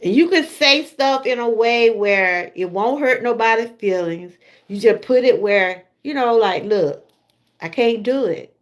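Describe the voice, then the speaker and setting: Southern lady on a livestream, middle-aged, chatty and laughing, talks right to y'all, slightly high voice. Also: a little slow. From Georgia, USA. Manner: chatty, laughs often, talks straight to viewers. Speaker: livestream host. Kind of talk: casual livestream chat.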